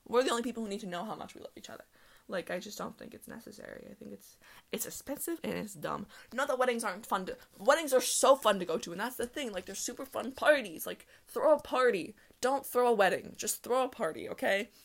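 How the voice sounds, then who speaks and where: A young woman hosting a casual solo podcast, talking fast and rambling with lots of "like" and laughs. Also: on the high side, expressive, gravelly. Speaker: podcast host.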